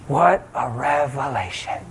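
A man's voice: mid-range voice, expressive, slow pace, a little hiss or hum. A man preaching a sermon, telling his own testimony with emotion and acting out the voices in it. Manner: dramatic, acts out voices, cries out.

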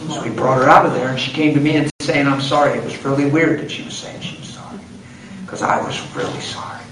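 A man's voice: mid-range voice, fast. A man preaching a sermon, telling a story with emphasis and acting out the quotes. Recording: roomy hall, distant mic, background noise.

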